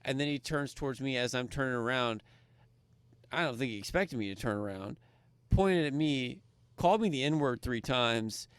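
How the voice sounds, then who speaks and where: Animated storytelling man with a dry sound. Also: mid-range voice, normal speed, clean tone, no echo. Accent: Kentucky. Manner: animated, acts out dialogue, grows loud when excited. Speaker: podcast co-host. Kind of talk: casual storytelling.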